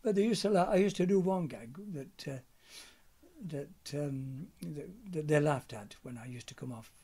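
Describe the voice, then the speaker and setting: A man's voice: on the high side, normal speed, dark tone, slightly rough. An older man, a pantomime comedian, telling stories in a chatty interview and acting out old routines. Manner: chatty storyteller, acts out old routines in character voices. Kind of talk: anecdotal interview chat.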